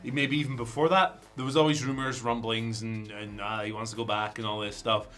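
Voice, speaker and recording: A man's voice: fairly low pitch, little pitch movement, a little fast, a bit bright. A Scottish man co-hosting a wrestling news show in casual, dry joking banter, a bit froggy with a slight cough. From Scotland. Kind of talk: casual chat.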